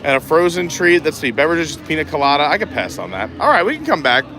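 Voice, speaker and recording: A man's voice: on the high side, big pitch swings, fast talker, background noise. A man live-streaming a walk through a theme park festival, chatting casually and reading menu boards aloud. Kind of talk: casual walking commentary.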